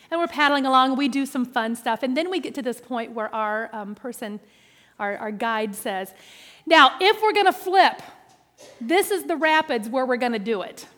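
A woman telling an animated, playful story to an audience, with quick jumps into the voices of people in it. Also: high voice. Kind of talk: lively storytelling talk. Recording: long hall reverb.

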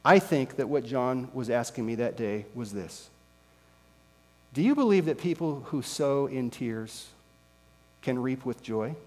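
A man's voice: medium pitch, expressive. Guy preaching a sermon, keeps asking do you believe, echoey church, bit of hum. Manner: rhetorical questions, slow emphatic pauses. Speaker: pastor. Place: church sanctuary. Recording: long reverb with mains hum.

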